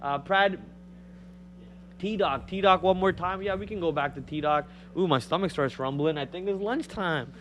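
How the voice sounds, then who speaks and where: Excitable man streaming trades. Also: sits high, measured pace. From India. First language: Telugu. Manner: excitable, joking, talks to chat. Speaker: stock trading stream host. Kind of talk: casual live-stream chat.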